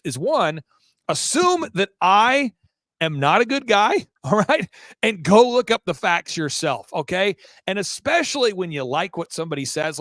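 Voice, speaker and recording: A man talking as a guest on a live talk show, emphatic and rapid-fire, throwing out rhetorical questions. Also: a little high, fairly bright tone, no room sound, clean studio sound.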